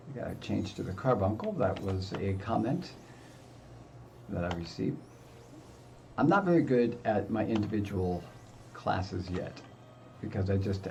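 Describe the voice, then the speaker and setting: An older man talks casually over his gameplay, chatty and quick to poke fun at himself. His voice is low, gravelly and mellow. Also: slight background noise. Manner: chatty and self-deprecating. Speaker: gaming video host.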